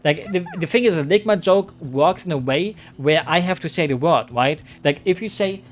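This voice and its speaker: A man's voice: fairly high pitch, lively intonation, normal speed, soft background music. A man streaming a game, chatting loosely with his chat, joking and rambling with lots of "like" and "you know". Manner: rambling, joking, many fillers.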